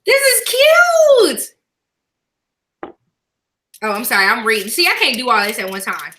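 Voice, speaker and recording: A woman's voice: medium pitch, animated, very fast, bright, forceful tone, rough recording. A woman hosting a casual video chat, talking in an emotional, laughing way with plenty of dialect. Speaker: YouTube host.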